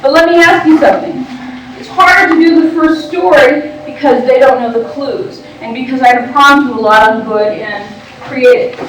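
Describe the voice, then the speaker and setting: A woman teacher leading a group reading, brisk and directive, prompting the room. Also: high-pitched. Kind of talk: classroom teaching. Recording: echoey room from far off, faint noise.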